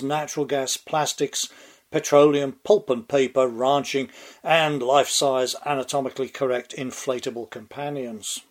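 Older English man, slightly higher voice, dry mocking monologue delivery. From England. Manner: sardonic, mocking. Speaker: political commentator. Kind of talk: scripted monologue commentary.

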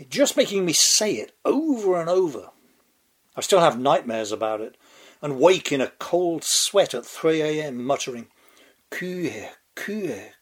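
An older man with an English accent delivering a sardonic, mocking scripted commentary monologue. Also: a little high. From England. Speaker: political commentator.

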